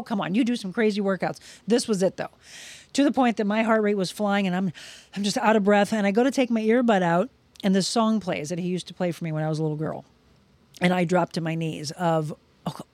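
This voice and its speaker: A middle-aged woman's mid-range voice is captured dry as she appears as a podcast guest. Lively in casual conversation, she recounts something personal and acts out each bit of quoted dialogue.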